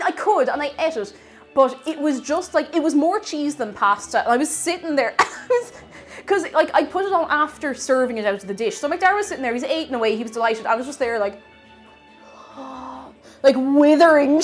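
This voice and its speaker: A young woman with a Tipperary Irish accent, chatting casually with her livestream chat while she cooks, giggling and greeting viewers. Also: a little high. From Tipperary, Ireland. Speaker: cooking streamer.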